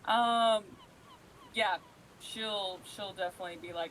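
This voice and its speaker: A woman playing in a tabletop game, loud and swearing in casual chat. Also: on the low side, little pitch movement, a little slow, slight background noise, poor audio. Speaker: player.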